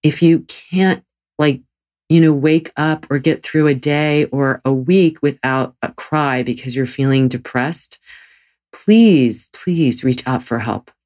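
A woman who teaches yoga, giving a motivational talk in an earnest, gently urging way and slowing down to stress key words. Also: a bass voice, fairly even intonation.

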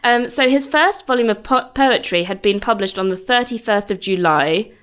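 A woman's voice: fairly high pitch, lively intonation, moderate pace, fairly bright tone, clear, resonant tone. Chatty woman recounting history. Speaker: podcast co-host. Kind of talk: casual storytelling chat.

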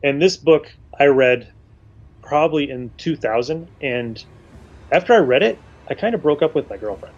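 A man co-hosting a casual chat, reflecting earnestly on a comic and what it once meant to him, halting now and then. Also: on the high side, expressive, muffled recording. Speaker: comic book podcast co-host.

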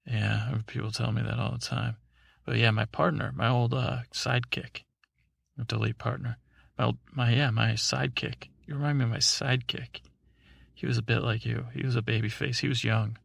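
A man voicing a mellow, mumbling superhero in a sleepy bedtime story. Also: flat delivery, normal speed, creaky, no echo, clean studio sound. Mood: flat. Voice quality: mumbling, low-key.

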